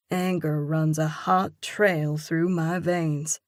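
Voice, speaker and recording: A woman narrating a romance audiobook in the first person, with a measured, expressive reading. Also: low-pitched, no room sound, clean studio sound.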